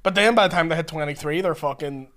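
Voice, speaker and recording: Animated man with a higher voice, joking. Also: fast. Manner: animated, joking, swears, laughs often. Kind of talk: casual chat.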